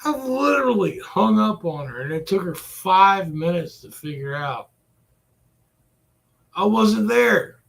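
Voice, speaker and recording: A man's voice: sits high, animated, a little slow, vocal fry, fairly bright tone. A man ranting to camera in an exasperated, repetitive way, cursing often as he vents. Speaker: vlogger. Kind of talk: profane venting rant to camera.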